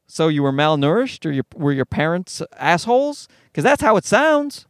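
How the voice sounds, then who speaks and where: A man's voice: sits high, brisk, dry recording, clean studio sound. A man performing a profane stand-up comedy monologue, telling a story and acting out other people's lines. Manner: profane, animated storytelling with voiced asides.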